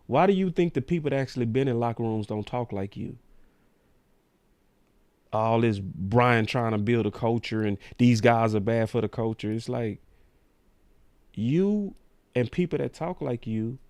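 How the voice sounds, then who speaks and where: A man's voice: mid-range voice, unhurried, pauses often, no room sound. Guy doing sports talk rant, fired up and slangy, dry close mic. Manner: animated, ranting, slangy. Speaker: sports show host. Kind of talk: casual sports commentary.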